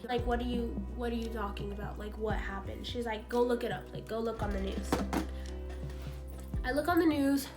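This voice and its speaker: A woman's voice: a little high, normal speed, over music. A young woman vlogger telling a painful story through tears, rambling and filling her talk with "like". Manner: rambling, heavy use of "like", acts out quoted talk. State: tearful, voice breaking. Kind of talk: emotional storytime vlog.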